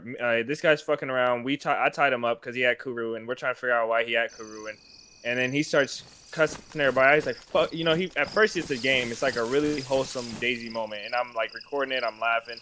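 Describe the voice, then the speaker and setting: A man telling an animated story in casual chat over a team voice call while gaming, swearing freely. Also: mid-range voice, fairly quick. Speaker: gamer recording his play.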